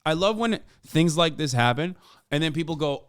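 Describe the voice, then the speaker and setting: A man's voice: on the high side, expressive, normal speed, smooth, no echo, studio quality. A man in his thirties streaming casual reaction commentary, rambling with many fillers and restarts, swearing and now and then bursting out in exasperation. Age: 30s.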